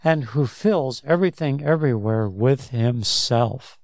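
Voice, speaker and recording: A man's voice: medium pitch, expressive, measured pace, creaky, a little mellow, dry recording. A man co-hosting a Christian talk show, telling stories in a rambling way that restarts and repeats words. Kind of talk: casual faith discussion, storytelling.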